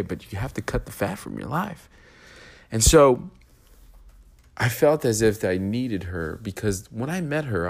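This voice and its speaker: Deep-voiced man hosting a podcast. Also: creaky. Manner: reflective, speaking his mind in a steady rhythm. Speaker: podcast host. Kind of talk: solo podcast monologue.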